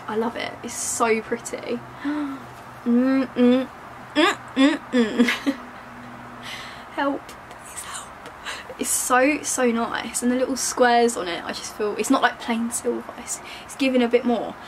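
Trying on clothes at home, a bubbly young woman jokes and giggles with viewers in a casual try-on haul for her vlog. She speaks at normal speed in a voice on the high side, over poor audio with slight background noise.

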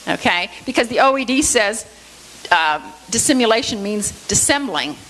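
A woman leads a church Bible study in a plain, explanatory teaching voice. She walks through each point step by step and keeps tagging her sentences with a questioning "okay?" to check her listeners are following. Now and then she pokes gentle fun at herself. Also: fairly high pitch, expressive, moderate pace, poor audio. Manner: self-deprecating, light humor.

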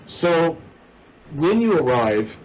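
A man's voice: on the high side, very animated, slow pace, darkish tone, slight background noise, rough recording. A man narrating a tabletop role-playing game as game master, in a casual, rambling way with many fillers.

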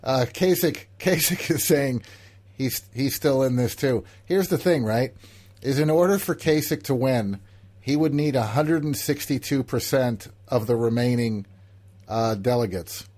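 A man co-hosting a political talk show, in a mid-range voice. He needles his partner with deadpan contrarian jokes, in a loose and conversational way. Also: medium pitch, measured pace. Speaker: political podcast co-host. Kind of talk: casual political banter.

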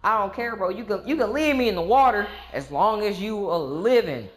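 A young man telling a rambling comic story in slangy casual talk, stopping often to say "bro" and pumping himself up louder as he goes. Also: animated, fairly quick, few pauses. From Gulfport, Mississippi, US South. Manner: hypes himself up, voice climbing loud and high.

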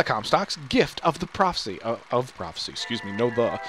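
A man's voice: mid-range voice, very animated, a little fast, few pauses, music in the background. A young man joking and laughing as he comments on a video game. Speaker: gamer. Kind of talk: let's play commentary.

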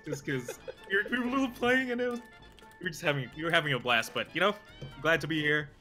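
A man co-hosting a casual podcast, excitable and animated. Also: a little high, fairly quick, faint music behind. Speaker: podcast co-host. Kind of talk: casual chat.

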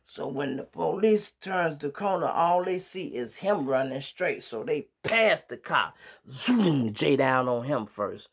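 A man's voice: a little high, unhurried, gravelly, few pauses. A middle-aged man from Chicago with a Chicago accent, telling street stories to his viewers in slang-heavy casual talk. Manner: animated storyteller acting out sounds and voices.

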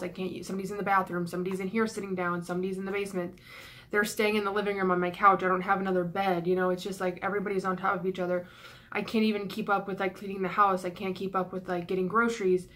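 A woman's voice: mid-range voice, little pitch movement, a bit bright. Flustered, breathless young woman venting. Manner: flustered, rushed and breathless, with sighs and swearing. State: stressed, near tears, voice cracking. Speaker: YouTuber. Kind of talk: emotional vlog rant.

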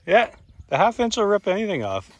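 A man's voice: sits high, very animated, brisk. A man hosting a casual vlog outdoors, laughing and teasing his friend while they work on a truck. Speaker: host of an off-road vehicle channel. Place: outdoors at a rural property. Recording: outdoor noise with vehicle sounds.

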